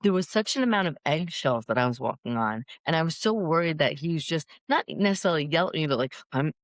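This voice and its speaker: A middle-aged woman in casual chat, talking fast and acting out quoted voices. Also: low voice, dry recording. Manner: animated, acts out quoted voices. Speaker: podcast guest.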